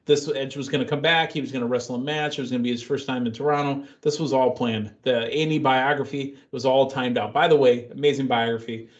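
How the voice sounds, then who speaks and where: A man hosting a casual wrestling podcast, excitable and jokey, telling the story of a show. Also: medium pitch, fast talker, few pauses. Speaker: podcast host. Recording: dull lo-fi sound.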